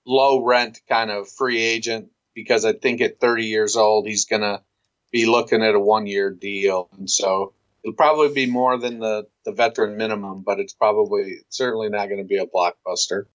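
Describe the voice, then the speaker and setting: A man from Ohio, co-hosting a casual podcast and giving measured, analytical takes that list off names. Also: on the low side, steady tone, a bit bright, muffled recording. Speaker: podcast co-host.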